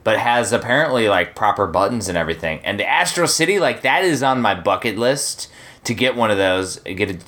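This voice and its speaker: A man's voice: lowish voice, sing-song, fairly quick, a bit bright. A man co-hosting a casual gaming podcast, talking with enthusiasm and laughing often. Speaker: podcast co-host. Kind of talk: casual chat.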